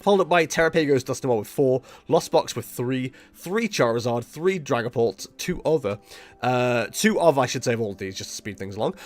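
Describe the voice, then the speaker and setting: A man's voice: mid-range voice, animated, brisk, soft background music. A man at home streaming a card game, chatting casually in a rambling, self-mocking way. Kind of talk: casual live-stream commentary.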